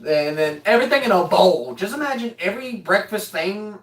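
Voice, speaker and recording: A vlogger with a high, animated voice tells a funny story briskly, rambling, joking, and laughing as he goes. He's a young man picked up from afar, his voice sitting in a roomy room.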